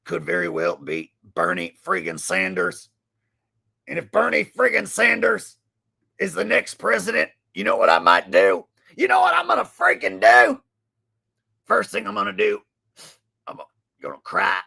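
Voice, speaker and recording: A man putting on a bombastic male conspiracy broadcaster, ranting over the top and swinging between shouting and near-whispering. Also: sits high, huge pitch swings, unhurried, creaky, slightly rough, pitched above the performer's own voice, full character voice. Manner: over-the-top shouting rant, sudden swings loud to soft.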